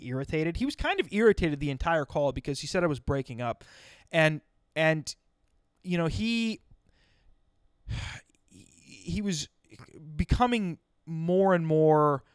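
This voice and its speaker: A man's voice: on the high side, clear, resonant tone, no room sound. A young man telling a comic story in a rambling, wry way, often interrupting himself. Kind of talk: comedic storytelling monologue.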